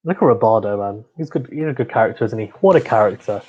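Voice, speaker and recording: A young man hosting a cricket watchalong livestream, reacting excitedly, groaning and pleading with each ball. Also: fairly low pitch, fast talker, husky, muffled recording. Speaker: livestream host.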